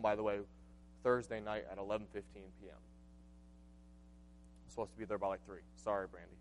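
A man in his late twenties preaching a sermon, earnest and conversational, telling a personal story with frequent asides. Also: mid-range voice. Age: 20s. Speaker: pastor.

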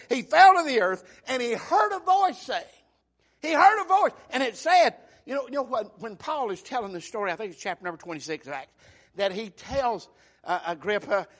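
A man preaching a sermon, acting out the voices he quotes and swinging from loud to hushed. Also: high-pitched.

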